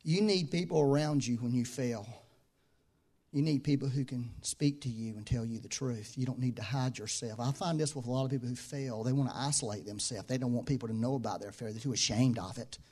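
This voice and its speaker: A man delivers a sermon as pastor in a conversational style. His voice sinks low and soft in reflective stretches, then rises loud and high for emphasis. He repeats key phrases to hammer them home. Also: a little fast, slightly rough.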